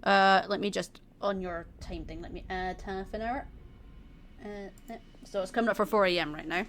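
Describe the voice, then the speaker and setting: A young woman running a tabletop game as game master, casual and quick to laugh. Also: mid-range voice, steady tone, a bit bright. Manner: giggly, casual, swears freely.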